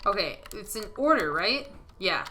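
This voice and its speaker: Bright-voiced woman playing a video game. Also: medium pitch, moderate pace, slight background noise. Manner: playful, joking and expressive. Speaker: gaming video creator. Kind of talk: casual game playthrough commentary.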